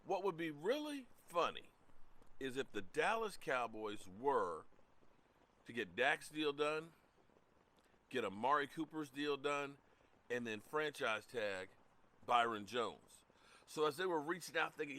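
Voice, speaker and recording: A middle-aged man hosting a casual live sports talk stream, greeting chat viewers by name in an animated way. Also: mid-range voice, measured pace. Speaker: livestream sports show host.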